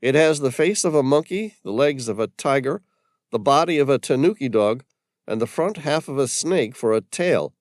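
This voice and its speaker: A man voicing a brisk investigator who explains things with certainty. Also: mid-range voice, lively intonation, no room sound, studio quality, voice pushed up, natural voice. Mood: explaining.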